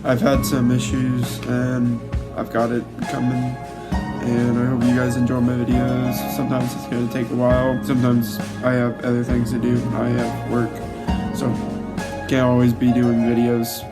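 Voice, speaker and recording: A man's voice: mid-range voice, completely flat delivery, normal speed, loud music behind the voice. A man casually recapping a movie he loves, rambling with many fillers and swearing freely. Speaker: YouTuber reviewing a movie.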